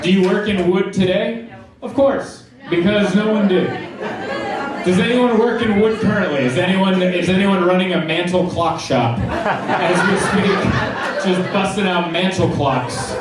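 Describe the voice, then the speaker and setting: Stand-up guy on stage, kinda high voice, super echoey room, crowd laughing. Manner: animated storytelling, acting out scenes. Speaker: stand-up comedian. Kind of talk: stand-up comedy set. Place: comedy club stage. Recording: echoey stage sound from far off, audience. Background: audience laughing.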